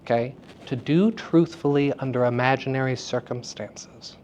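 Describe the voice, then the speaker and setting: A woman lecturing students on acting. She is lively and theatrical, laughs often and asks them questions. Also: rumbling low, normal speed, slight background noise. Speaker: acting teacher giving a lecture. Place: school theater festival session.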